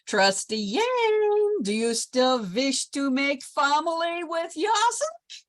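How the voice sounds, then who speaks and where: A woman voicing an earnest Polish man with a Polish accent, who speaks slow, halting, broken English. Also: fairly high pitch, big pitch swings, voice pushed up, full character voice. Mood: calling out. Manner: slow, halting, simple words.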